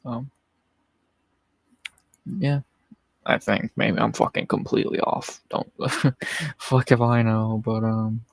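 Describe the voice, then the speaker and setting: A man's voice: lowish voice, steady tone, slow pace, vocal fry, pauses often, dry recording, low-quality recording. A man hosting a livestream in casual, profane, rambling chat, chuckling often. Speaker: livestream host.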